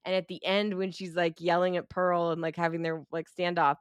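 A woman's voice: fairly low pitch, little pitch movement, brisk, clean tone, no room sound. A woman co-hosting a podcast in casual chat, candid, enthusiastic and swearing freely. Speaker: podcast co-host.

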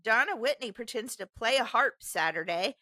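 A woman's voice: on the high side, animated, moderate pace, sharp tone, no echo. A woman co-hosting a podcast, reading a news story aloud with sarcastic asides and frequent laughter. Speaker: podcast co-host.

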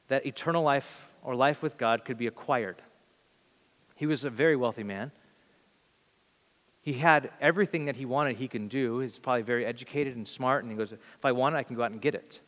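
A man preaching a sermon as pastor, animated and acting out quoted voices, with some stammers. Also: medium pitch. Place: church sanctuary. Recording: long reverb of a church hall.

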